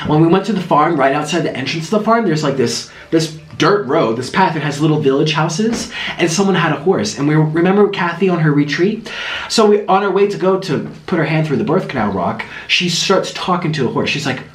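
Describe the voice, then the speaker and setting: A young man telling a lively story while eating, laughing often and acting it out. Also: fairly high pitch, a little fast, roomy sound, low-quality recording. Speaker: vlogger.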